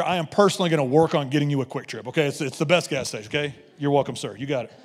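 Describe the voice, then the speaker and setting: A middle-aged man preaching a sermon as a pastor, telling stories and swinging from loud punchy lines to low quiet ones. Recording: long hall reverb.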